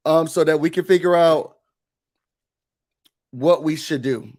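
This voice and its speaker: A man hosting a mock office meeting in a faux-serious, deadpan manner, breaking into put-on emotion now and then. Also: on the high side, slow pace, pauses often. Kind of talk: comedic mock corporate briefing.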